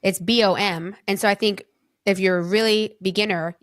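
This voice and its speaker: A woman's voice: medium pitch, steady tone, moderate pace, no echo, studio quality. A woman hosting a podcast, chatting casually and using many fillers. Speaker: podcast host. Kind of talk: casual conversational interview.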